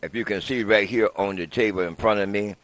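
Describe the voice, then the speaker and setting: A man's voice: fairly low pitch, brisk, a bit bright, no echo. A man hosting a live local TV program in a folksy, rambling way, correcting himself as he goes. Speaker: TV host.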